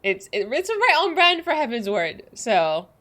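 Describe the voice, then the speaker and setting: A woman's voice: on the high side, sing-song, unhurried. A young woman streaming a game, chatting bubbly and giggly with her viewers. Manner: bubbly, giggly, greets chat warmly. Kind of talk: casual livestream chat.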